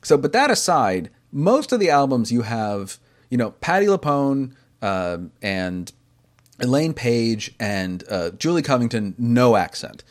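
A male podcast host chats casually, his pitch moving in a lively way through the middle range. He is enthusiastic, laughs easily and rambles as he thinks aloud. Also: measured pace. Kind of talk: casual chat.

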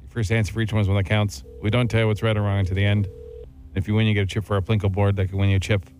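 A man's voice: lowish voice, little pitch movement, very fast, darkish tone, faint music behind. A man hosting a radio morning show, joking and laughing with co-hosts and running a call-in contest. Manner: jokey, laughs often, runs a contest. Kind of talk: casual radio banter.

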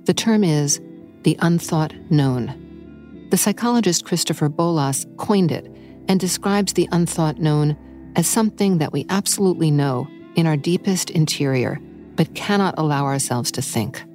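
A woman with a low voice narrates a podcast introduction in a measured, deliberate way. Soft music sits faintly under her words. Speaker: podcast host.

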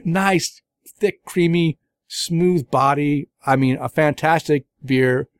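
A man's voice: a little high, slow pace, smooth, no echo, clean studio sound. A middle-aged man hosting a podcast, chatting casually and enthusiastically about beers he has tried, rambling with fillers and restarts. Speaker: beer podcast host. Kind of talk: casual beer review chat.

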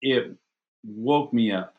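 Speaking slowly at a medium pitch, this middle-aged podcast guest tells a story from his own life, casual and animated, poking fun at himself and repeating words in his excitement. The audio is narrow and tinny.

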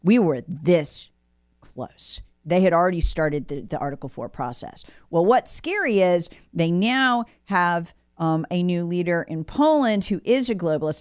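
A woman's voice: fairly low pitch, dry recording, studio quality. A woman speaking as a guest commentator, alarmed and insistent, often repeating words for emphasis.

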